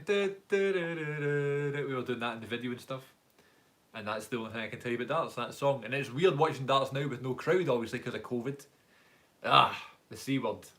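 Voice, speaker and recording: A man's voice: mid-range voice, sharp tone. Chatty Scottish man on a live stream. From Scotland. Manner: chatty and rambling, reading out viewer comments. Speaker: YouTuber hosting a live Q&A. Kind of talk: casual live-stream chat. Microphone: phone front camera.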